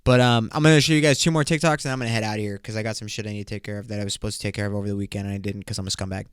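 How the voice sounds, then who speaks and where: A man's voice: on the low side, fairly even intonation, rapid-fire, clean tone, no echo, clean studio sound. A man hosting a podcast in loose, profane, joking casual chat. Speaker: podcast host.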